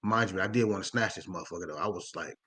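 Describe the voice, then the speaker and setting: A man telling a story in casual podcast chat, animated and profane, acting out the voices of the people in it. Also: low voice, very fast.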